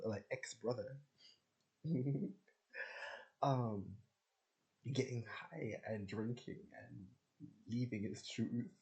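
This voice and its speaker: Brief: male vlogger, lowish voice, candid and profane, rambling monologue. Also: dark tone, low-quality recording. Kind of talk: rambling personal rant.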